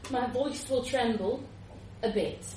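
A woman's voice: fairly high pitch, slow, dark tone, a little hiss or hum, voice pushed up. A woman voicing a bored, cynical male policeman, laconic and world-weary. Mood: smug. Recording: roomy, distant live recording.

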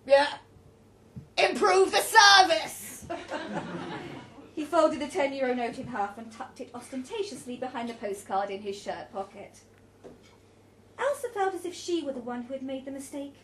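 A woman's voice: high voice, animated, brisk, a little hiss or hum. A woman reading a story aloud with a dramatic, varied delivery.

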